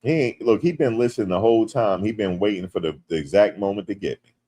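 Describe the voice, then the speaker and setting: A man from the United States hosting a casual livestream. He reads viewer comments aloud and jokes back, turning loud and animated when teased. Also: fairly low pitch, fast. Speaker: livestream host.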